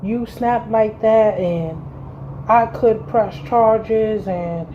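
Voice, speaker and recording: A woman's voice: on the high side, very slow, narrow, tinny audio, slight background noise. A woman quoting a defensive boyfriend. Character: defensive man, her ex-boyfriend.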